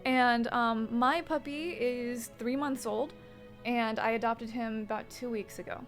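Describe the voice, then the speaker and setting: A woman's voice: a little high, steady tone, measured pace, faint music behind. A young adult woman streaming from home, chatting casually and rambling with frequent swearing while she does her makeup. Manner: rambling and profane, chatting with viewers.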